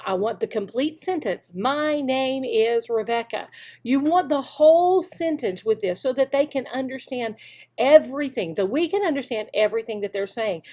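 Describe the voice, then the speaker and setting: A woman with a Southern US accent gives an instructional talk as an online English teacher. She speaks emphatically and slows down to model example sentences clearly. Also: high-pitched, a little mellow. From Southern United States.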